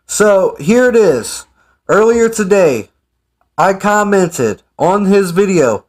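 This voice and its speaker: Sarcastic guy ranting on camera, slow drawl, a bit high. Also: animated, darkish tone. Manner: sarcastic, mocking. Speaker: online commentator. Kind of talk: casual ranting commentary.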